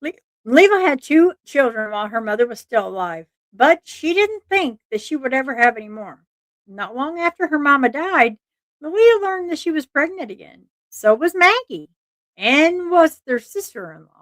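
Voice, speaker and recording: A woman's voice: high-pitched, very animated, normal speed, fairly bright tone, dry recording. Chatty woman hosting a true crime livestream. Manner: chatty, earnest, asides to chat, frequent restarts. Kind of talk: casual live-stream narration.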